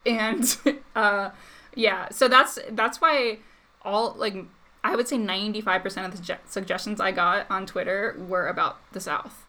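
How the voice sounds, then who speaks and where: A woman chatting as a guest commentator, loose and informal, with plenty of fillers and little laughs. Her voice is bright and forward. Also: mid-range voice, fairly even intonation, a little slow. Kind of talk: casual chat.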